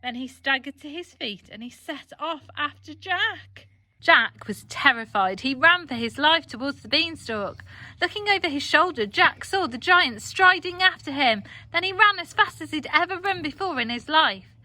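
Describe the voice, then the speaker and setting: An English woman teacher reading a children's storybook aloud with expressive, animated delivery. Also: high-pitched, normal speed, dry recording.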